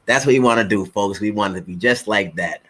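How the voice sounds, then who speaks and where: A man's voice: lowish voice, brisk, fairly bright tone. A middle-aged man hosting a casual live stream, joking and talking straight to his viewers as folks. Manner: playful, joking, talks directly to viewers as folks.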